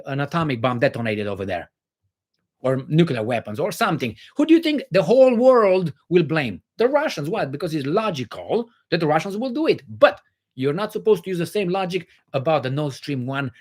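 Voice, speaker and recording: A man from Romania with a Romanian accent, hosting a livestream and reacting to viewer chat in a blunt, sarcastic way with some swearing. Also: fairly high pitch. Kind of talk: casual livestream commentary.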